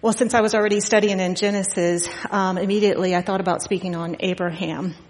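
A middle-aged woman preaches a relaxed, conversational sermon, rambling into homey anecdotes with plenty of ums. Her mid-pitched voice carries through a church sanctuary with a long, lingering reverb. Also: quick pace. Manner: chatty and storytelling, frequent fillers and laughs. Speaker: guest preacher. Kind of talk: informal Father's Day sermon.

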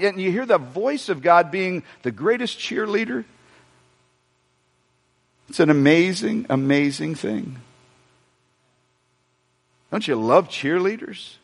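A man delivers a sermon in a high, ringing voice, circling back over his words and calling out to the congregation. The sound carries a long reverb from a large church sanctuary. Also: unhurried, slightly rough. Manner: animated preaching with repetitions and asides to the congregation. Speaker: pastor.

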